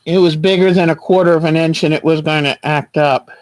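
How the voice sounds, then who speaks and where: A man hosting a quilting livestream, chatting gently and reassuringly while he sews at home. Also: fairly high pitch, fairly even intonation, fairly quick, no echo, low-quality recording. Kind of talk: casual chat while sewing.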